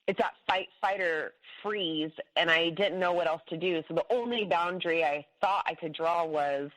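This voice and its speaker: Bright-voiced woman telling her story candidly. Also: fairly low pitch, low-quality recording. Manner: candid, rapid, emotional retelling with frequent "like" fillers and swearing. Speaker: podcast guest. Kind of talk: personal storytelling in a conversation.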